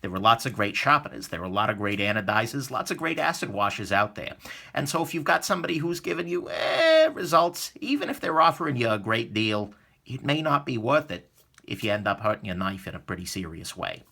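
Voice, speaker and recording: Bright-voiced male video host, casual and chatty, gives tips to camera. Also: fairly low pitch, lively intonation, a little fast, vocal fry. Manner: chatty and conversational, with frequent ums and asides. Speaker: host of a knife review channel.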